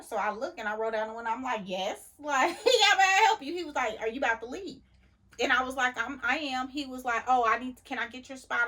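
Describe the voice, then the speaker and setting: Lady trucker telling a story, chatty, fired up. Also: medium pitch. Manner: animated, indignant retelling with laughs. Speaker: truck driver vlogger. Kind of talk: casual storytelling chat.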